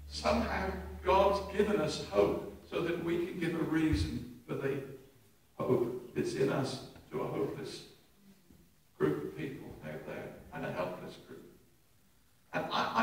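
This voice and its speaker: An older man, preaching a sermon with animated humour, recorded from a distant mic in an echoey church. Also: a little high, unhurried, creaky, a little hiss or hum. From England. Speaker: pastor. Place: church hall.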